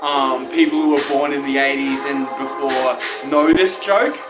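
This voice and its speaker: A man's voice: mid-range voice, fairly even intonation, measured pace, roomy sound, music in the background, poor audio. A man with a New Zealand accent, a podcast host rambling through a casual monologue full of swearing, fillers and chuckles.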